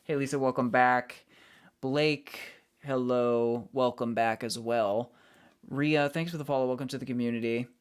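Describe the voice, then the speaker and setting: A man's voice: medium pitch, fairly even intonation, a little slow, clear, resonant tone. A man streaming, chatting casually with his viewers and greeting them as he reads the chat. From United States.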